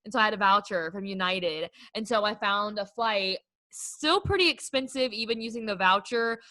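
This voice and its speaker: In a dry recording, a woman with a medium-pitched, sharp-toned voice speaks at normal speed. She's a young podcast co-host spinning a story in relaxed conversation, leaning heavily on the word "like."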